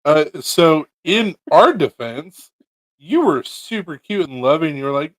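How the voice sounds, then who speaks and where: A man chatting casually about his cats, animated, profane and teasing. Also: fairly high pitch, unhurried, dry recording, rough recording. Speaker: pet owner. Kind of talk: casual chat on camera.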